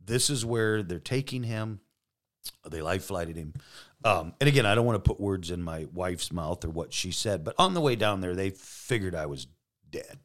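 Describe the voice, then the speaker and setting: A man's voice: deep voice, moderate pace. A middle-aged man, a police detective, telling his story on a podcast in a casual, profane way, acting out what people said. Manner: profane, animated storyteller, acts out quotes.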